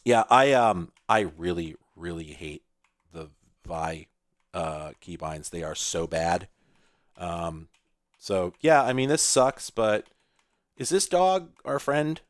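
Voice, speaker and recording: This man's voice is low-pitched and slow, captured at studio quality without echo. He's the host of a retro computing video, offering rambling, foul-mouthed, casual remarks as he plays an old computer game and abruptly exclaiming now and then.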